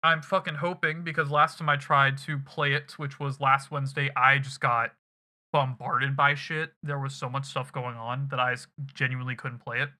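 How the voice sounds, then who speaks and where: Ending his game stream, a man rambles and curses casually as music plays. His medium-pitched voice stays fairly flat, moving at normal speed with a pushed, bright quality.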